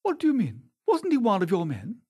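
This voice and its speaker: A man reading aloud, voicing a young English gentleman who shifts from languid to alarmed in a raised voice. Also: sits high, huge pitch swings, brisk, husky, pitched above the performer's own voice, full character voice.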